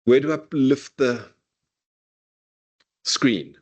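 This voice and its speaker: A middle-aged man giving a university literature lecture in a classroom, discursive and full of "okay?" tags. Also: medium pitch. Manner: dramatic slow recitation of verse.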